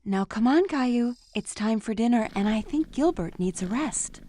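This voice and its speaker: An actress voicing a patient cartoon mother of a young boy, talking in a gentle, coaxing way. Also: a little high, animated, normal speed, background noise, close to an everyday voice.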